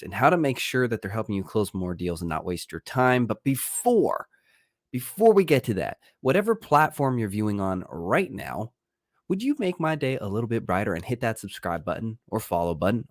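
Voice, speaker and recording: A man's voice: lowish voice, no echo, studio quality. Upbeat American man, slightly sick. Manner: upbeat, emphatic, punchy. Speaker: real estate agent and coach. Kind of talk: energetic vlog talk to camera.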